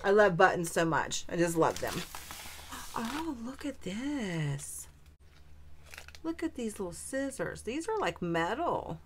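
A woman's voice: medium pitch, very animated, takes it slowly, slight background noise. A woman vlogger chatting casually as she opens a craft supply swap, gushing with delighted exclamations over each item. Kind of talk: casual unboxing chat.

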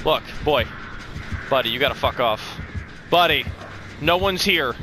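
A man giving live gameplay commentary who swears a lot and swings from low mumbles to loud shouts. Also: very animated, a little slow, long pauses, a little hiss or hum. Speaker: gaming streamer.

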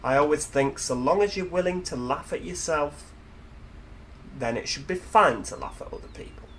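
A gaming video host from Yorkshire, England, speaks in a slightly high, fairly bright, expressive voice at a moderate pace. Chatty and jokey, he pokes fun at himself while commenting on a driving game, with a little hiss or hum in the audio.

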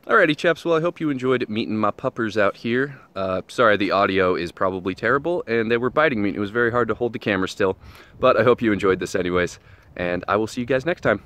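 Tired man with a lively vlog voice. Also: quick pace. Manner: excited, coos at puppies in a high voice. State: tired and sweaty. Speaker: vlogger. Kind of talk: casual vlog. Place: outdoors on a ranch. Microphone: handheld camera.

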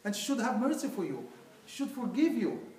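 Man preaching, high pitched, earnest and pleading, echoey mosque hall, distant mic. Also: very animated, fairly quick, a little mellow. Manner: earnest, pleading, addresses listeners as brother. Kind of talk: Friday sermon.

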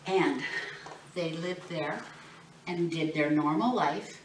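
A woman teaching children, telling a Bible story in an animated, expressive way and asking the kids questions. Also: low voice, takes it slowly. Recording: roomy, distant mic, faint noise.

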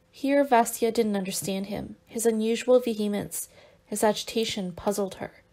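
Woman, audiobook narrator, steady measured reading, mid pitch.

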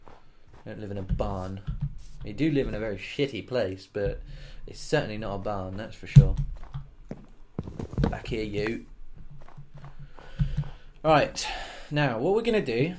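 A man's voice: lowish voice, lively intonation, unhurried, long pauses, very noisy. A man casually narrating his own gameplay, joking and rambling to himself as he builds. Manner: joking, rambling, talks to himself, makes silly sound effects. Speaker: let's play gamer.

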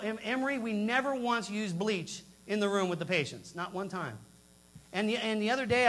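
A man giving a lively convention presentation on infection control, blunt and emphatic, swinging between loud and hushed. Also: sits high. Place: convention hall.

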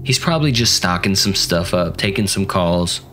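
A man's voice: deep voice, lively intonation, normal speed, sharp tone, slight background noise. A man casually commentating a horror game, joking and talking to the characters. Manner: jokey, playful, talks to the game characters. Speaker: gaming channel host.

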